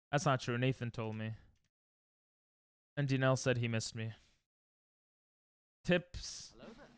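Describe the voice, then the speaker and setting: Young male streamer, bright clear voice, animated and rambling, dry close sound. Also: dry recording. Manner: rambling, laughs often, sudden high yelps. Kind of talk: casual chat with live chat.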